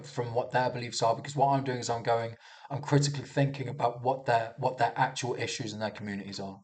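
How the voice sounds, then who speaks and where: A young man casually rambling through commentary on news headlines, swearing and restarting often. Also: on the low side. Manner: restarts a lot, swears, muses aloud. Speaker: vlogger reviewing news.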